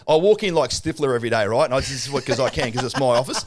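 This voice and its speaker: Fast, sweary Australian man co-hosting. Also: medium pitch. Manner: blunt, sweary, animated storyteller. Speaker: property coach and co-host. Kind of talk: casual studio podcast chat. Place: studio.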